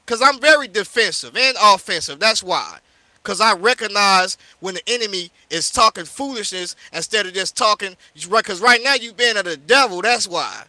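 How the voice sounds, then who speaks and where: A high, piercing male voice, recorded dry and close with no room sound. He is a preacher from St. Louis, berating someone in a heated, confrontational rant with lots of repetition. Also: pushed and bright, dry recording. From St. Louis, USA. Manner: confrontational and scolding, repeats "yo" and "you know what I'm saying". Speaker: street preacher hosting a live discussion.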